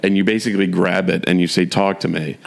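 A man's voice: sits low, fairly even intonation, fast talker, vocal fry. A young man co-hosting a podcast, rambling in casual chat and laughing often. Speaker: podcast co-host.

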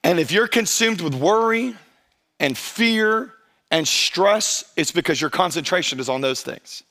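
A middle-aged male pastor with a notably high voice delivers an energetic sermon. He keeps a relaxed, conversational tone and often slows right down to stretch out important phrases. Now and then he briefly acts out how churchgoers might talk. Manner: stretches key phrases slowly for emphasis.

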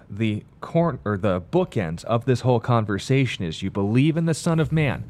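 A man's voice: mid-range voice, lively intonation, normal speed, few pauses, darkish tone. A man leading a Bible study discussion, reading scripture aloud with pointed emphasis and then explaining it. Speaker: Bible teacher.

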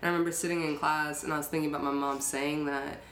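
A woman hosting a podcast, telling stories in a relaxed, casual way and laughing easily. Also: sits low, fast. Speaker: podcast host. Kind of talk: casual conversation. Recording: roomy echo, faint noise.

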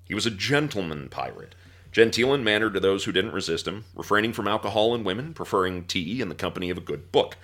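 Male podcast host, lower-pitched, bright and lively delivery, narrates history. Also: fast. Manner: animated storyteller, breaks into laughter and mock voices.

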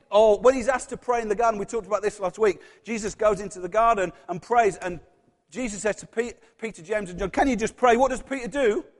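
A man with a Yorkshire accent preaching a conversational sermon, asking the congregation questions and acting out voices. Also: extremely high pitch. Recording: long hall reverb.

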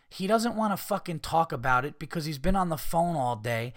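A man hosting a podcast, ranting casually with heavy swearing and mocking people in put-on high voices. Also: animated, a little fast, few pauses, bright, forceful tone, no room sound, clean studio sound. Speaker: podcast host. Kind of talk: casual rant.

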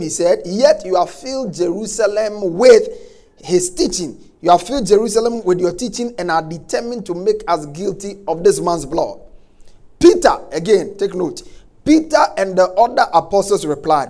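Male preacher with a high-pitched voice and an emphatic, repetitive sermon delivery. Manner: emphatic, repeats key words, swings from quiet to loud.

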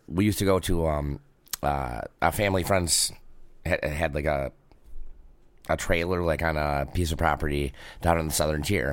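A man casually telling a funny story in a relaxed chat, laughing often and acting out the people he quotes. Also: a bass voice, no room sound. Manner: laughing, animated, acts out quoted voices.

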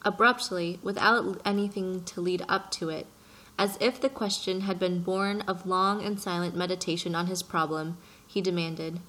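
Bright-voiced woman narrating a storybook. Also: on the low side, fairly even intonation, poor audio. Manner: measured, gentle storytelling. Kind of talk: audiobook narration.

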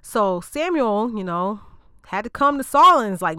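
A woman host retelling a Bible story in a loose, slangy way, breaking off for joking asides to her listeners. Her voice is smooth and clear, recorded dry and close with no room sound. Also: medium pitch, animated, measured pace, bright, forceful tone, no room sound. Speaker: podcast host.

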